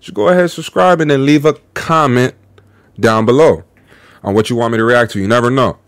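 A man hosting a reaction video, talking in a casual, slangy and animated way with laughing asides, on a close mic. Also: mid-range voice, a little fast, clean tone, dry recording. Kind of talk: casual commentary.

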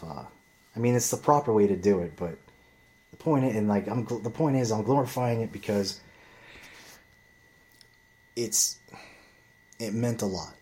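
Casting: deep-voiced man, casual vlogger, swears freely, loose rambling delivery. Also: a little mellow. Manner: rambling storytelling with heavy swearing. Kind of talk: casual monologue to camera.

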